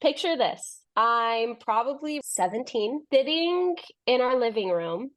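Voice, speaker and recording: A woman's voice: on the high side, expressive, unhurried, a bit bright. A young adult woman, a podcast guest, telling a long story in casual chat, laughing often and acting out what people said.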